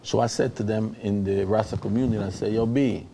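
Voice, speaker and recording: A low, gravelly man with a Panamanian Caribbean English accent tells his story as an interview guest. He jumps into the voices of people he quotes and laughs often as he talks, his voice rough with fry. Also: steady tone, a little fast, dark tone, a little hiss or hum. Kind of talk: animated storytelling in conversation.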